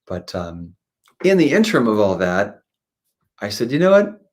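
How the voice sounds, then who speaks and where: A guest musician, a singer and guitarist, tells stories in a casual interview, rambling with frequent restarts and fillers and turning lively when he retells anecdotes. His voice is on the low side, at a moderate pace.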